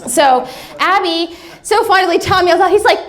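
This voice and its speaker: A woman's voice: extremely high pitch, normal speed. A woman pastor giving a sermon, telling humorous family stories in a chatty way. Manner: chatty, humorous anecdotes with acted-out quotes. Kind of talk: sermon storytelling.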